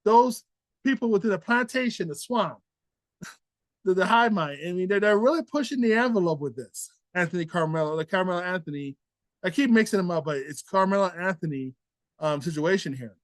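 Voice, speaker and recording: A man's voice: high voice, animated, fairly quick, no echo. A man hosting an opinion commentary show, talking in an earnest, indignant way with many repeats and restarts. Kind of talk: opinion commentary, casual monologue.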